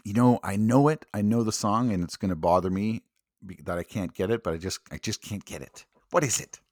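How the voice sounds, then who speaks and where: A man in easygoing podcast chat who often stalls on fillers as he searches for words. His voice sits fairly low. The sound is dry and close. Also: fairly quick, dry recording. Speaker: podcast co-host. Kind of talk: casual chat.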